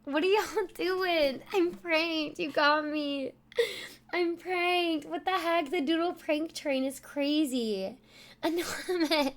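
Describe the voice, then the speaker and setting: A woman's voice: very high voice, slow pace, a little hiss or hum. A young woman streaming live, laughing often as she exclaims and thanks her viewers.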